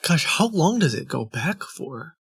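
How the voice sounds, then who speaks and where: Gravelly, rambling male streamer. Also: on the high side, very animated, a little slow, a bit bright, dry recording, studio quality. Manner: rambling, reads chat logs aloud with frequent ums and restarts. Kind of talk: casual live-stream chat.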